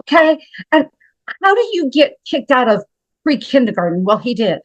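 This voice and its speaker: Woman in her 70s from montana, big dramatic storyteller, guest on an interview, higher voice. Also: big pitch swings, normal speed, no echo, highs cut off. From Montana, USA. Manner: dramatic, emphatic storytelling, often addresses the host by name. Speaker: guest, health practitioner.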